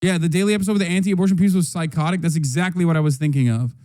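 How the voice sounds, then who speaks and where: A high-voiced man hosts a livestream and reacts to political news. He rants heatedly and sarcastically, swearing freely as he goes. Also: rapid-fire, warm tone. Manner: heated, profane, sarcastic ranting. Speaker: streamer host.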